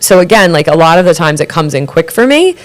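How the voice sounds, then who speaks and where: A woman who reads tarot, a guest on a live studio talk show, telling anecdotes in a lively way, acting out quoted dialogue and swearing freely. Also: sits low, quick pace. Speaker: tarot card reader, guest.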